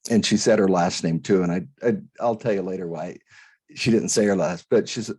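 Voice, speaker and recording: Idaho guy telling his story on an interview, lowish husky voice, earnest, lots of restarts. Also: normal speed, a little mellow. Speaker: guest, author.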